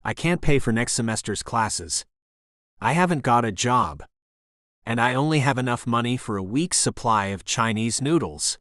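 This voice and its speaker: Man reading desperate young woman, pleading, apologetic, audiobook character, lively pitch, dry close recording. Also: normal speed, no echo, close to an everyday voice.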